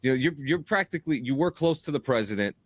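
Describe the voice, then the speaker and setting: A man chats on a podcast with a lively, swooping voice that rises and falls a lot, tripping over his words as he restarts sentences. The sound is dry and close, with no room around it. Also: mid-range voice, fast talker, dry recording. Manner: animated, stammering restarts. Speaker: podcast host and audio drama producer. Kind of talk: casual podcast chat.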